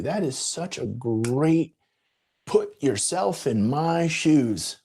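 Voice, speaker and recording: A man coaching on a live video, telling a story in a casual, animated way with laughs and quick voice switches. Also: fairly high pitch, husky. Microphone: live-stream setup.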